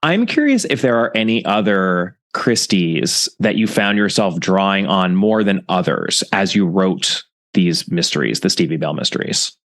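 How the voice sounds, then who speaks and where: A man from California hosting a podcast interview, reading passages aloud and asking thoughtful questions in a measured way. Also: deep voice, very animated, fairly bright tone. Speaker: podcast host.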